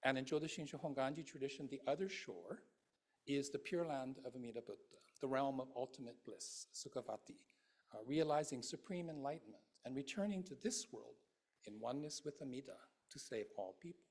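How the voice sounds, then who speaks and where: Male minister, husky voice, chatty dharma talk with fillers and asides. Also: medium pitch, brisk, a little mellow. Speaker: guest minister.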